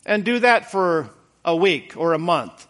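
A man's voice: a little high, very animated, measured pace, a bit bright. A man preaching a conversational sermon in an earnest, folksy way, repeating words for emphasis.

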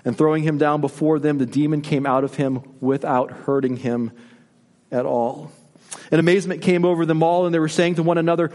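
A man preaching a sermon in a church sanctuary, with a fairly high voice. He presses the congregation with rhetorical questions, dropping low and quiet, then climbing on key words. A long reverb from the hall trails each phrase. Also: brisk. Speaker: pastor.

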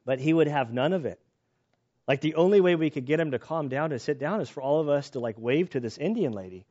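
A middle-aged man preaching a sermon in a conversational, animated storytelling way with restarts. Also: on the high side, normal speed. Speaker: pastor. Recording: dull lo-fi recording.

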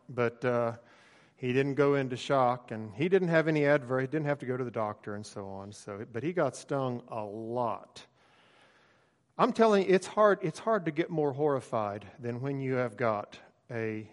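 Man preaching in a reverberant hall. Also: medium pitch. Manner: relaxed storytelling with frequent fillers. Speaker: pastor. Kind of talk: sermon.

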